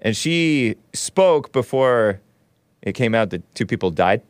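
A man's voice: medium pitch, animated, slow pace, no echo, studio quality. Sarcastic male talk show host. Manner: sarcastic, mocking. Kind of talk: casual commentary.

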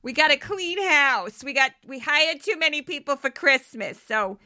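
Woman doing a brassy older Bronx diner owner, blunt and barking, bright tone. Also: high-pitched, lively intonation, moderate pace, full character voice. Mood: bossy. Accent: New York Bronx. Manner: loud, bossy, blunt.

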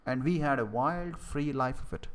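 Man voicing a weary old dying man, grave and confessional, steady unhurried delivery, mid-pitched voice. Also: natural voice.

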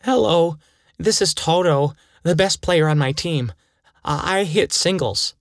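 A man doing an eager, high-voiced young boy. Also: very animated, normal speed, no room sound, studio quality.

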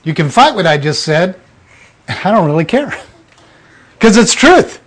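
A man's voice: high voice, sing-song, moderate pace. A man preaching an informal sermon to a small group, blunt and emphatic, acting out little scenes.

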